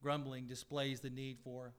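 A middle-aged man, a pastor, preaching a sermon to his church with earnest swells in pitch and volume and the odd dry aside. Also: little pitch movement, moderate pace, a bit bright, smooth. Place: church sanctuary.

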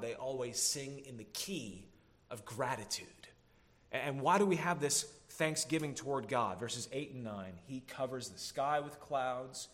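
A man preaching an earnest sermon as a pastor, slowing down to stress key words. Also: medium pitch, fairly bright tone. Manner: earnest preaching, slows down for emphasis.

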